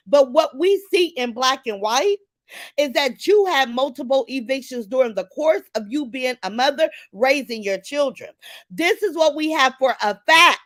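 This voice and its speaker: Animated middle-aged woman livestreaming, dry close sound. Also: high voice, a little slow, no room sound. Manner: greets viewers by name, animated and emphatic. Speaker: livestream host. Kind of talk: casual livestream chat.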